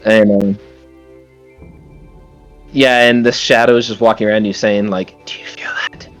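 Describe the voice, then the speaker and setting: Low-voiced man narrating a tabletop game. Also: highs cut off. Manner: casual, filler-heavy storytelling. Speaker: dungeon master.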